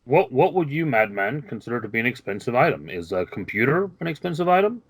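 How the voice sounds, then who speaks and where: A man explaining the rules of a tabletop game as game master, measured and patient. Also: medium pitch, big pitch swings, husky, dry recording, rough recording.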